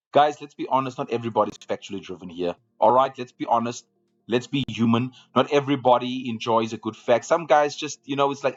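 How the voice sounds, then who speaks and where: A man's voice: medium pitch, dull audio. A man hosting a live trading room, giving market commentary and often repeating phrases to draw viewers along.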